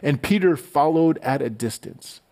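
A man giving a relaxed, conversational sermon as a pastor, often repeating words as he goes. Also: a little high, moderate pace, vocal fry. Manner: conversational, relaxed storytelling with frequent stammered word repeats.

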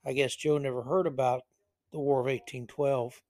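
A man's voice: mid-range voice, steady tone, moderate pace, a little mellow, dry recording. A man hosting a political commentary podcast, reading passages aloud and breaking in with sarcastic, mocking asides. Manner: reads article passages aloud. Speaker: podcast host.

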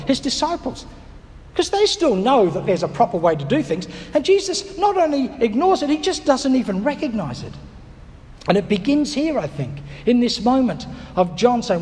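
Animated man preaching in a reverberant church. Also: high voice. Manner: animated, conversational preaching with restarts. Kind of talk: sermon.

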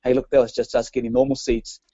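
A man's voice: medium pitch, flat delivery, fast, dark tone, slightly rough, no echo, muffled recording. A man from New Zealand with a New Zealand accent, co-hosting a radio show in casual banter, chatty and laughing often. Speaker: radio co-host.

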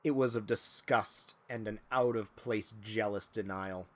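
A man reading a story aloud to friends, slipping in dry, deadpan jokes. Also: fairly low pitch, a little slow, heavy background noise. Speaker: story reader.

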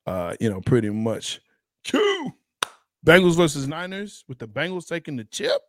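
A man co-hosting a casual sports podcast, animated and teasing, laughing often. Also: fairly high pitch, moderate pace, no room sound, studio quality. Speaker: podcast co-host.

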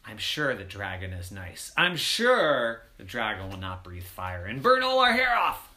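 Brave little girl in a bedtime story, calm and reassuring, slow and bright, as the narrator voices her. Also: medium pitch, full character voice. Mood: hushed. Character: brave young girl adventurer.

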